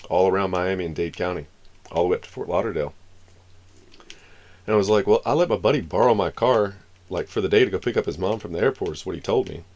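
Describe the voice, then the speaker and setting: A man streaming live, telling a long story in a casual, rambling way and acting out the lines of the people in it. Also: sits low. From Florida. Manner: rambling, acts out the dialogue of the people in his story.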